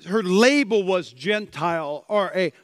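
A man preaching a sermon as pastor, animated and acting out quotes with big swings in loudness. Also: high voice, measured pace, no room sound, studio quality.

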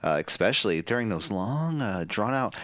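A man's voice: lowish voice, big pitch swings, normal speed, a bit bright, no echo. A man hosting a casual wrestling podcast, playful and rambling, often stumbling over his words. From Ireland. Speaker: podcast host.

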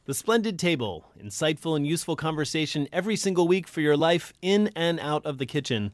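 A man's voice: fairly high pitch, lively intonation, a little fast, no echo, studio quality. A man co-hosting a radio show, upbeat and chatty, reading questions and promos.

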